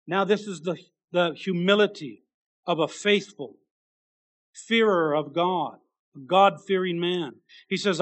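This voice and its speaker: High-voiced man preaching a sermon. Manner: earnest, halting with restarts, rising to emphatic bursts.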